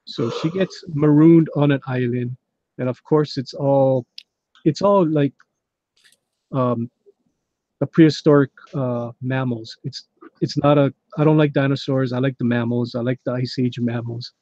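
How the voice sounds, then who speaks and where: An easygoing man talks about his comic work in a relaxed, unhurried way. His voice is mellow and dark-toned. The sound is dry and a little muffled, like a video call. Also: mid-range voice, no room sound. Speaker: comic artist guest. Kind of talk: casual chat on a livestream.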